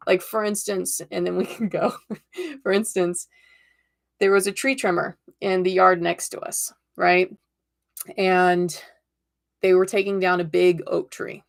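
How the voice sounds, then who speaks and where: A woman's voice: on the low side, little pitch movement, unhurried, gravelly, long pauses. A woman hosting a tarot livestream in a casual, upbeat chat, telling stories and checking in with her viewers. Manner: upbeat, chatty, storytelling with many "right?" tags. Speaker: tarot reader and livestream host.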